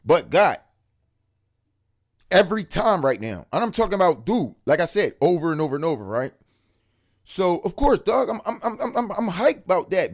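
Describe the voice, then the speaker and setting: A man giving an excited, casual faith testimony to camera, full of street slang and repeated words for emphasis. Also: fairly high pitch. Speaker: religious video speaker.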